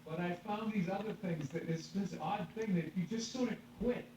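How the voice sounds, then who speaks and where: A man's voice: sits high, normal speed. A man, a stand-up comedian, telling a story in casual podcast chat, cursing freely, laughing and acting out the voices of the people he quotes. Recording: echoey, distant, dull with faint hum.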